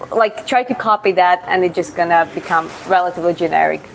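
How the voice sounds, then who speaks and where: Gravelly Georgian-accented woman streamer. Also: lowish voice, fast talker, few pauses, slight background noise, poor audio. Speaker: livestream host and online fitness coach. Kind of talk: casual livestream Q&A reading chat questions.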